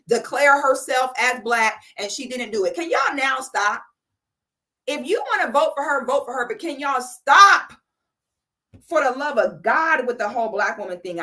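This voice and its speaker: A woman's voice: high-pitched, sharp tone. A woman, ranting bluntly and sassily on a livestream. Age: 30s. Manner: blunt, sassy, profane. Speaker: livestream host. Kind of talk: casual commentary rant.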